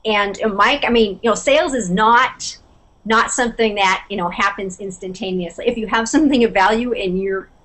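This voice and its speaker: A woman on a panel talking about clients and sales in a halting, conversational way on a video call. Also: mid-range voice, fairly bright tone. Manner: halting, repeats herself, conversational. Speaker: panelist, small business owner. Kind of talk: casual video call discussion. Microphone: video call webcam.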